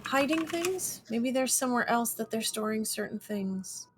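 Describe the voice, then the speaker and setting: A woman with a fairly high voice chats as a player in a tabletop game, tossing out guesses and agreeing readily. Light music runs in the background. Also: animated. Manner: quick to agree, speculative. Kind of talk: casual chat in a tabletop game.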